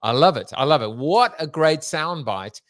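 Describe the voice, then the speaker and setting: A man's voice: on the high side, expressive, normal speed, fairly bright tone, no echo. A man hosting a podcast interview, chatty and playful, with frequent ums. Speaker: podcast host.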